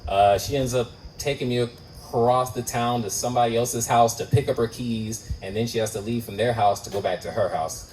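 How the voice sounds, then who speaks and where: A man doing stand-up at an open mic, telling a story in a conversational, self-mocking way that jumps into loud, high exclamations. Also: fairly even intonation, moderate pace, hardly any pauses, recorded from a distance, a little hiss or hum, rough recording. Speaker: stand-up comedian. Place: open mic night venue.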